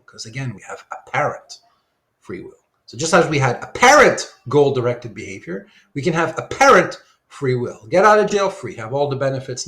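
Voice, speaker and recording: Animated man lecturing on philosophy. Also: medium pitch. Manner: animated, rhetorical questions, thinks aloud while drawing. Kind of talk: live online lecture.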